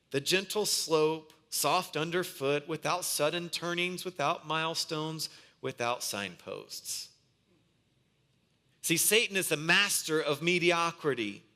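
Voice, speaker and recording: A man's voice: high voice, sharp tone. A man in his thirties, a pastor preaching a sermon, earnest and mixing in a humorous family story.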